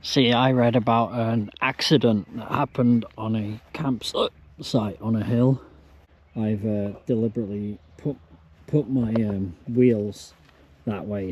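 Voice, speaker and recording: A fairly low, darkish male voice comes through with slight background noise. He's vlogging outdoors at a campsite into a handheld camera, a bit drunk and hiccuping, and his casual monologue drifts slowly and loosely along as he makes fun of himself.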